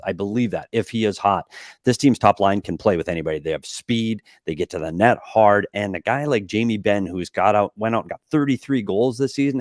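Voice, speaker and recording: A man with a very low voice breaks down hockey matchups on a podcast, rushing through his points and tripping over restarts. The sound is dry and close. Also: no echo. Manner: rapid, stumbling restarts. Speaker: podcast panelist. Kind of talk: casual hockey analysis.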